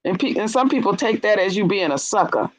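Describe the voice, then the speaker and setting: A woman, chatting casually on a live stream, animated and blunt, acting out quotes with big jumps in pitch. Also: fairly quick, rough recording. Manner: blunt and profane. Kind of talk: casual chat.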